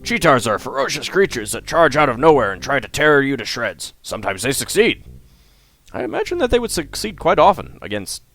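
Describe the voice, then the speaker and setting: A man's voice: medium pitch, big pitch swings, brisk, fairly bright tone. A man voicing a genial old male guildmaster, a retired adventurer who reminisces in a chatty, friendly way over faint guitar music.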